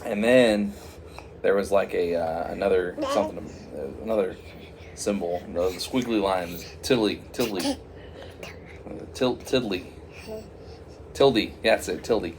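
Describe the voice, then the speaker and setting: A man improvises a goofy story in a somewhat low voice. He rambles and halts, often restarting his sentences. A faint hiss sits behind him. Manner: rambling, halting, many restarts.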